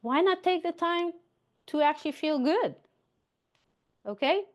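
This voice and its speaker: A woman's voice: high voice, animated, a little slow. A woman giving a motivational coaching talk, chatty, repeating her points and checking in with "okay?".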